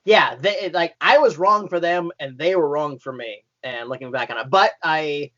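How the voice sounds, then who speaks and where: A man's voice: a little high, normal speed, bright, forceful tone, no echo, dull audio. A man in his fifties, a podcast guest, chatting casually and rambling with many restarts and filler words. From born in Tennessee, raised in Indiana and Florida. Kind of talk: casual chat.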